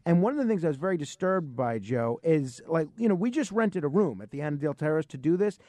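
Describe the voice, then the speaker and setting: A man's voice: fairly high pitch, animated, fast, mellow, no room sound. A man speaking as a guest on a radio show, earnestly promoting an event. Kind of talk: casual radio chat.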